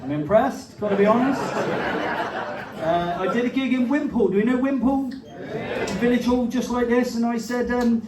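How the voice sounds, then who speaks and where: A man's voice: very high-pitched, normal speed, very noisy. A male comedian hosting a village-hall gig, chatty and cheeky, swearing and teasing the crowd. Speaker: comedian and compere. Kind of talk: stand-up comedy and crowd banter. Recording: echoey hall, distant mic, crowd laughter.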